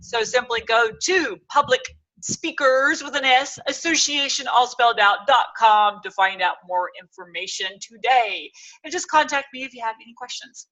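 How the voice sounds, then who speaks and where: A woman hosting a talk show, bubbly and gushing, exclaiming loudly as she introduces and questions her guest. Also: sits high, normal speed, low-quality recording.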